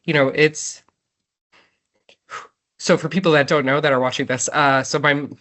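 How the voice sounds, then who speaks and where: A woman in her thirties, a guest in an interview, speaks from the heart and is close to tears, using lots of "like" and "right?". Her voice sits low, with fairly even intonation, normal speed, and a bit of brightness.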